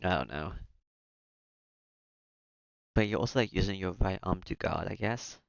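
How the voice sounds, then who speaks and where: Low, gravelly man reading a visual novel. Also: expressive, moderate pace, long pauses, no echo, dull audio. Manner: casual, hesitant asides with fillers. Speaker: let's play reader.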